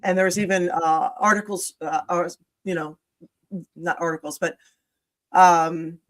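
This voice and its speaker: Woman host, from the US, low-pitched, chatty, opinionated. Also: steady tone, a little slow. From United States. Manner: chatty, opinionated, laughs easily. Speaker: show host. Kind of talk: casual chat.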